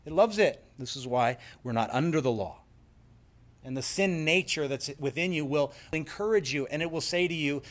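A male pastor preaching with earnest emphasis, leaning into key words and slowing for effect. His voice sits a little higher than most men's. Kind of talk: sermon.

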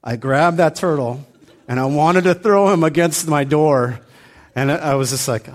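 A man delivering a sermon as pastor, his voice sitting at an ordinary middle pitch for a man. He talks in a loose, conversational way, stumbling through fillers and restarts as he tells a story. Then he rises into fervent, emphatic preaching. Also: moderate pace.

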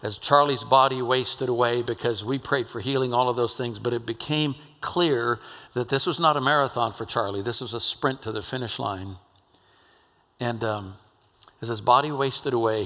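A man's voice: medium pitch, normal speed, pushed and bright. An older man, a pastor, telling a story in a conversational sermon in a church. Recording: long hall reverb.

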